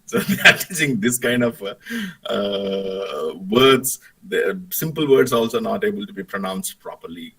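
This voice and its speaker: A man's voice: fairly low pitch, expressive, measured pace, a bit bright, slightly rough, recorded from a distance, poor audio. A man giving a lecture and telling an anecdote, hesitant, with many fillers and restarts. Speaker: guest lecturer, Jesuit priest.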